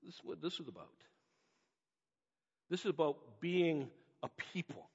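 A man's voice: on the high side, big pitch swings, moderate pace, darkish tone, husky. A man from North America preaching a sermon as a pastor, earnest and emphatic, repeating key phrases. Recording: dull lo-fi audio with long hall reverb.

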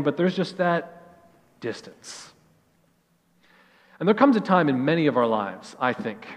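A middle-aged man, preaching a sermon in earnest storytelling fashion, dropping soft at key phrases. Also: fairly high pitch, big-room sound. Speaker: pastor.

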